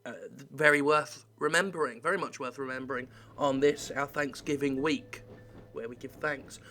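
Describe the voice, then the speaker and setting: A man's voice: mid-range voice, steady tone, normal speed, pushed and bright, low-quality recording. A man giving sardonic, theatrical commentary over a game he is playing. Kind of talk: let's play commentary.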